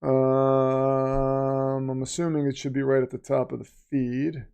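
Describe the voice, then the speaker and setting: A man's voice: mid-range voice, monotone, slow pace, gravelly, warm tone, clean tone. A man hosting a casual live-stream watch party, reading the chat and joking sarcastically that he is the villain. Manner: chatty, sarcastic, jokingly self-styled villain.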